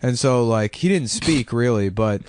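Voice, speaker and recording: Crude, animated comedy podcast man. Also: medium pitch, moderate pace, slight background noise. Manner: crude, rambling storyteller. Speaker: podcast co-host. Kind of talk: casual comedy chat.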